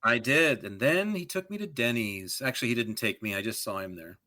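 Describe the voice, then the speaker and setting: A middle-aged man co-hosting a podcast in casual chat, digressive and animated, drifting into joke voices. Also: mid-range voice, brisk. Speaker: podcast co-host.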